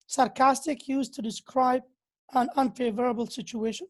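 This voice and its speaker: A woman's voice: sits high, fairly even intonation, normal speed, a little mellow. A woman giving a university English lecture. She slips into to explain, and she acts out the example sentences with exaggerated intonation.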